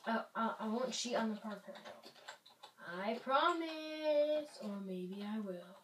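A woman's voice: medium pitch, fairly even intonation, normal speed. A young woman casually commenting on a video game she is playing, rambling and playful, sometimes dropping to a whisper. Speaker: gaming YouTuber. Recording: roomy, distant mic, faint noise.

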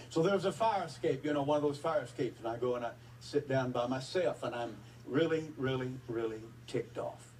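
Male preacher, earnest, halting delivery, recorded from a distance with faint background noise. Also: mid-range voice, a little mellow. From Texas. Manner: earnest, emotional storytelling with halting fillers. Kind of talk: sermon testimony.

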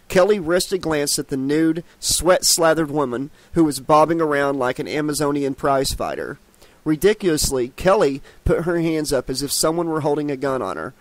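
A man's voice: on the high side, moderate pace, no room sound. A man narrating an audiobook, reading with small stumbles and restarts.

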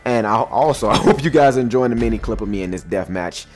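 A man's voice: fairly low pitch, fast, faint music behind. A young man hosting his own gaming channel, telling a match story in slangy, laughing commentary. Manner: animated storytelling with frequent laughs; slangy and excitable.

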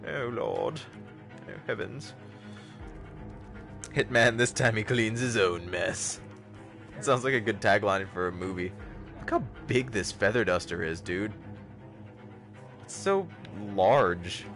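A man's voice: lowish voice, measured pace, soft background music. A young man hosting a livestream, giving casual, joking gameplay commentary, chatting with viewers and yelping when startled. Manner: animated, joking, talks to chat, yelps when startled. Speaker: livestream host.

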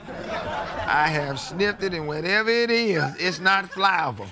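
A man playing a slow solemn church announcer. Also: high voice, lively intonation. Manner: slow, solemn pulpit reading. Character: deadpan church announcer reading silly announcements. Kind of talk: live sketch comedy acting. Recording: live stage, loud audience laughter and noise.

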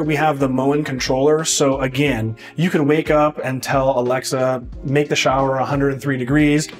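A man giving a casual, upbeat walkthrough of a house as a real estate agent, repeating words of praise as he moves from room to room indoors. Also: fairly high pitch. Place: indoors walking through a large house.

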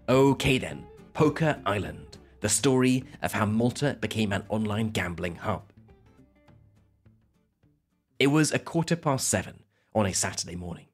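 A man hosting an educational podcast, telling a story in a clear, measured way for learners. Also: lowish voice, fairly bright tone. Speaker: podcast host. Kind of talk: scripted educational narration.

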